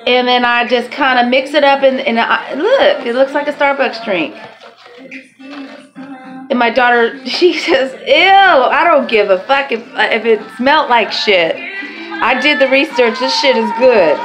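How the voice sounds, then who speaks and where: A vlogger talks a little slowly in a slightly high voice, chatting and rambling to camera with lots of swearing. Music plays behind the rough recording.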